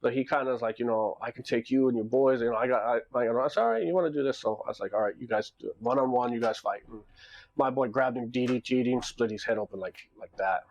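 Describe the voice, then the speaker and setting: A man's voice: medium pitch, steady tone, quick pace, a little mellow, dull audio. A man who runs a club, telling a story casually in a loose, rambling monologue full of restarts and quoted dialogue. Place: Japan.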